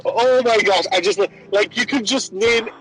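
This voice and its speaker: A man's voice: high voice, moderate pace, rough recording. A young man hosting a casual podcast chat, telling stories with lots of laughter and acted-out voices. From Filipino American. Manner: animated storytelling, laughing often, acting out voices. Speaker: podcast host.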